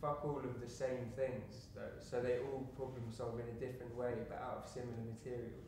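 Man, mid-pitched, hesitant and halting, crowd chatter behind, very echoey far-off sound. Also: little pitch movement. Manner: hesitant, halting, cuts in briefly. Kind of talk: casual gallery talk.

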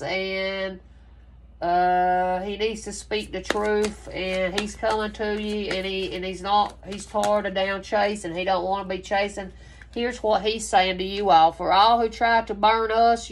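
A woman's voice: mid-range voice, slight background noise. A woman giving a casual tarot reading, talking emphatically in a rambling way and swearing freely. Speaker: tarot reader.

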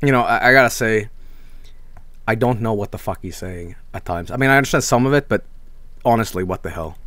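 A man's voice: on the low side, brisk, a bit bright, dry recording. A man from Sweden, hosting a casual snack review stream, enthusiastic and rambling, swearing freely. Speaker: streamer host.

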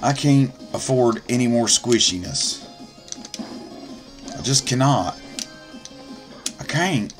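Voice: mid-range voice, slow, pauses often, faint music behind. A let's player giving gameplay commentary, swearing and grumbling at the game as they go. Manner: profane, grumbling running commentary. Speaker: let's play gamer.

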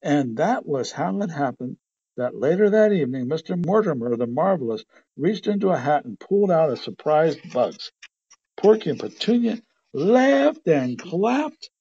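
A man narrates a children's storybook in a steady, plain manner. His voice is a touch high and husky, on a slightly dull, lo-fi recording. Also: normal speed. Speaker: storybook reader. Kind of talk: reading a children's storybook aloud.

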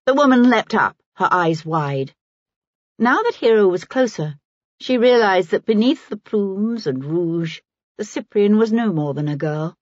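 A woman reading a historical novel aloud as an audiobook narrator, in a measured storytelling manner. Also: medium pitch, animated, dry recording, highs cut off. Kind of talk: scripted narration.

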